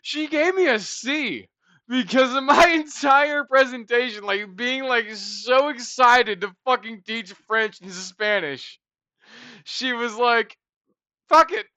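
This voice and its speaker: A young man co-hosting a podcast, telling stories in a loud, animated, profane way. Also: extremely high pitch, takes it slowly, dry recording. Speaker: podcast co-host. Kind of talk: casual chat. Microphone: podcast mic.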